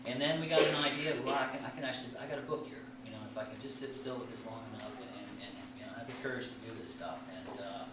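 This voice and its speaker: A man's voice: medium pitch, quick pace, few pauses, very noisy. Rambling man in his forties, very echoey room. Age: 40s. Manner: rambling, chatty, many fillers and restarts, laughs often. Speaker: author speaking at his book launch. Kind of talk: informal speech to a party crowd. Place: indoor party venue with an audience. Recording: very echoey room, distant mic, room ambience.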